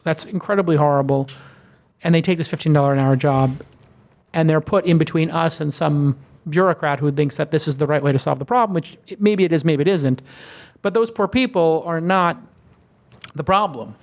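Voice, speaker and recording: A man's voice: on the high side, fairly quick. Chatty man hosting an interview. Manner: chatty, storytelling, self-mocking. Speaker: podcast host. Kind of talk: casual interview chat.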